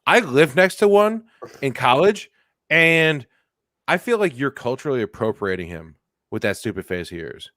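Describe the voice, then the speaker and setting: A man's voice: medium pitch, very animated, moderate pace, fairly bright tone, no room sound. Male podcast co-host, casual chat, teasing, dry close sound. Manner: joking, teasing.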